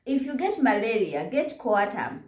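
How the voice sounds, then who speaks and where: Her fairly high, sing-song voice moves at a moderate pace as the vlogger, who has a Ugandan English accent, fires off rhetorical questions in an indignant reaction. The space she's recorded in is echoey.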